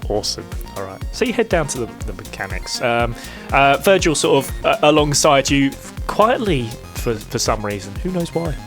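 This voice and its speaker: A man's voice: medium pitch, big pitch swings, moderate pace, few pauses, soft background music. A man narrating as game master in a hesitant way, laughing often.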